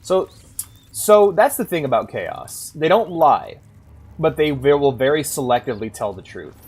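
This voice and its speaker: Young guy streaming games, mid-pitched, rambling chatty asides to chat. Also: sing-song, moderate pace, a little mellow, breathy edge. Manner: rambling, talks to chat with many likes and restarts. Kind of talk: casual live-stream chat while gaming.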